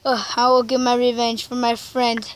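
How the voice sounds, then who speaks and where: A woman with a high voice improvising a game role-play. She talks playfully and hesitates often as she plans the next move. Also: flat delivery, normal speed, a little hiss or hum. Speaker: game player.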